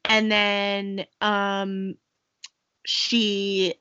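A young woman co-hosting a podcast, chattily recapping a movie with quick acted-out quotes. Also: mid-range voice, completely flat delivery, bright, forceful tone, clear, resonant tone, no room sound, muffled recording. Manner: chatty, quick quoted voices, laughs often. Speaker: podcast co-host. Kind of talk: casual chat recapping a movie.

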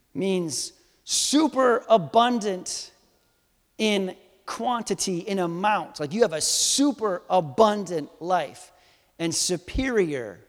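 A man preaching a sermon to a live congregation, animated and swinging from soft to loud, teasing and quizzing his listeners. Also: high voice. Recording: long hall reverb.

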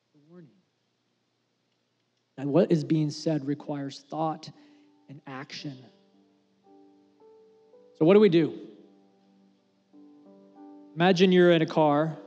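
A man preaching a sermon as pastor, earnest and conversational, dropping to a hush for emphasis. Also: a little high, long reverb tail, lo-fi sound. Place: church sanctuary.

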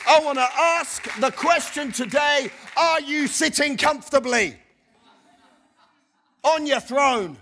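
A man preaching a passionate sermon, shouting and lilting into a sing-song delivery. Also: very high-pitched, takes it slowly, a faint crowd. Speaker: pastor.

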